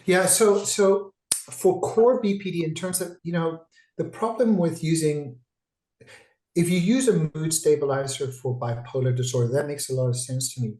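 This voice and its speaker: Here the psychiatrist's voice is fairly high in pitch but dark in tone, moving at a moderate pace. He rambles through a conversational webinar talk over video call, full of restarts and digressions. The recording is low quality and reverberant.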